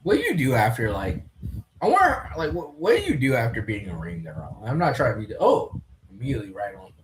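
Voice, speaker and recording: A man's voice: mid-range voice, wildly swooping pitch, a little fast, a little hiss or hum. A young man talks over a fight card in a loose, rambling way, drifting between stories and remarks on the fighters. He swears offhandedly and keeps it casual throughout. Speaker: podcast host commentating a fight card.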